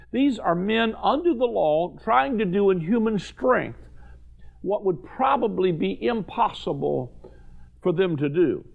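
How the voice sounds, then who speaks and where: A man's voice: sits high, vocal fry. A man preaching a sermon, paraphrasing scripture in folksy, casual slang. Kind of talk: sermon to a watching audience.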